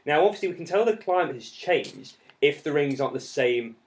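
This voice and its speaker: A man's voice: on the high side, animated, a little fast. A man in his thirties who teaches geography, explaining step by step with jokes in a casual podcast. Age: 30s.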